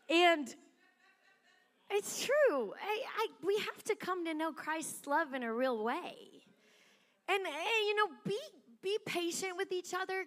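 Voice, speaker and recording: A middle-aged woman pastor preaching a sermon, chatty and animated, laughing often as she tells stories. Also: high-pitched, long reverb tail. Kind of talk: sermon storytelling. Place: church sanctuary.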